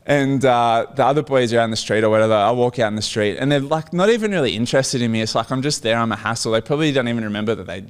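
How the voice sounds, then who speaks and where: An Australian man spins a yarn in a relaxed chat, his voice sitting at an ordinary middle pitch. He laughs through the story and slips into the voices of the people he's quoting. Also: very fast, hardly any pauses, clean tone. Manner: animated anecdote-telling, laughs often, acts out quoted voices. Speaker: guest.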